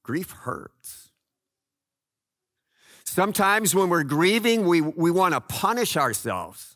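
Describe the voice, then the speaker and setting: Slow, animated male preacher. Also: high voice. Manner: slow, earnest preaching with swings between loud and hushed. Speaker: pastor. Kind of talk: sermon.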